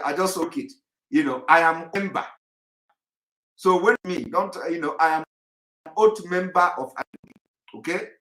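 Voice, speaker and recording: A man broadcasting live online, talking insistently with halting restarts and a voice that is cracking. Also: on the high side, bright, forceful tone, reverberant.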